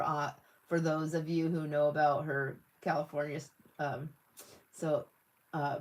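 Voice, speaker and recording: A middle-aged woman with a slightly low voice hosts a casual craft livestream. She chats freely, laughs often and reads viewer comments aloud as she works at her table. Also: fairly even intonation, normal speed, darkish tone. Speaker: livestream host.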